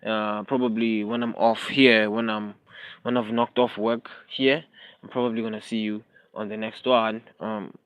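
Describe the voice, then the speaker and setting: A man's voice: lowish voice, flat delivery, moderate pace, clean tone, dry recording, muffled recording. A young South African man with a South African accent, ranting heatedly and repetitively on a casual livestream, slipping into Zulu phrases. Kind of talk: casual live-stream rant.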